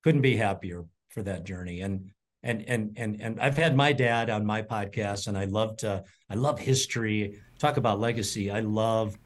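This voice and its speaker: A man's voice: fairly low pitch, moderate pace. Rambling middle-aged man telling stories. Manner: rambling, repeats words, warm storytelling. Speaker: culinary school president, guest. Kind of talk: casual interview chat.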